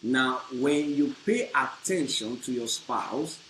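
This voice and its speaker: A man's voice: mid-range voice, lively intonation, takes it slowly. Emphatic preaching man, echoey room. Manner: emphatic preaching, rising to loud bursts. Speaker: pastor. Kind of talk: marriage teaching sermon. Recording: echoey room with faint hiss.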